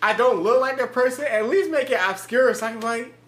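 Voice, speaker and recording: Very high bright-voiced man. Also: fast, echoey room. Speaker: podcast co-host. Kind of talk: casual chat.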